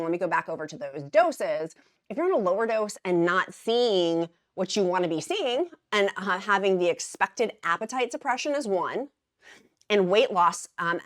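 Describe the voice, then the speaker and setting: A woman vlogger talking casually and emphatically to her viewers, repeating words for stress and dropping into quieter asides. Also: lowish voice. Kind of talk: casual explainer vlog.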